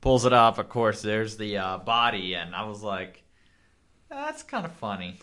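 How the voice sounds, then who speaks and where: A man in casual chat, talking haltingly with many fillers, swearing and laughing now and then. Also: fairly low pitch, steady tone, bright, forceful tone.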